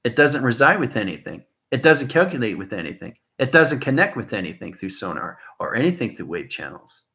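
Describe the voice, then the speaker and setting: A man giving a rambling spiritual monologue, chuckling often and swinging between soft and loud talk. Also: mid-range voice, sing-song, brisk, echoey room. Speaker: channel host.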